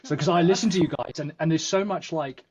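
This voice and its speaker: A man's voice: a little high, fast talker, dull audio, crowd noise. An English man, a podcast guest, chatting casually and joking over a video call. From England. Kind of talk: casual interview chat.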